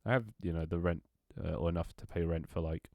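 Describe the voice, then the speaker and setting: Deep-voiced young man chatting casually. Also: steady tone, fast talker, vocal fry, dark tone, dry recording, clean studio sound. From London, England. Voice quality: swears casually, many restarts and laughs. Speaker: streamer. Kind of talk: casual chat with stream viewers.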